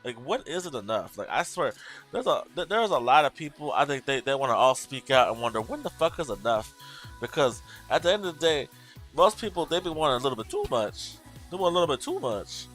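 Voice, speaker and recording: A tarot livestream host rants bluntly and profanely on a casual stream, exasperated and talking back to his chat. His voice is a little high and fairly bright, very animated and fairly quick, with faint music behind.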